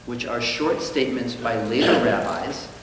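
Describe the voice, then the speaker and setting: A man's voice: mid-range voice, moderate pace, slight background noise. A man teaching a synagogue study class, explaining texts in a conversational way with ums. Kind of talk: lecture with storytelling. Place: synagogue hall. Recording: echoey hall with long reverb.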